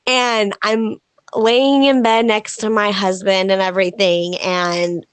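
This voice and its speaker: A woman pro wrestler, a podcast guest, telling stories in a casual, animated way and acting out quoted dialogue. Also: medium pitch, slow, clear, resonant tone, no room sound. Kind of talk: casual podcast interview storytelling.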